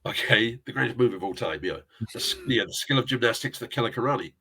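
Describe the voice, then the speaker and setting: A man's voice: mid-range voice, lively intonation, quick pace, sharp tone, slightly rough. A middle-aged man, telling rambling anecdotes as a guest in a casual interview. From England. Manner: rambling anecdotal storyteller, chuckles often. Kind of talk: casual chat.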